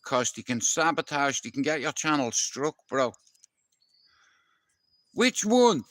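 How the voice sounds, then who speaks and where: Man, live-stream host, profane storyteller, a touch high-pitched, dry sound. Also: very animated, takes it slowly, a bit bright, dry recording. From Dublin, Ireland. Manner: blunt and heavily profane, addressing a listener by name.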